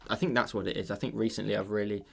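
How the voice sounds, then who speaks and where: Casting note: man, low gravelly voice, rambling streamer thanking chat over soft music. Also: fairly even intonation, rapid-fire. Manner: rambling, thinks aloud, many fillers and restarts. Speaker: digital painting livestreamer. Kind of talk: casual livestream chat while painting.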